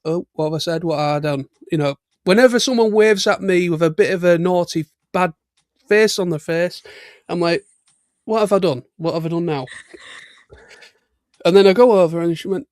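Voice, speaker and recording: High-voiced British man chatting casually. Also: no echo, clean studio sound. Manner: chatty storytelling with laughs and restarts. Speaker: livestream host. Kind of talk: casual chat.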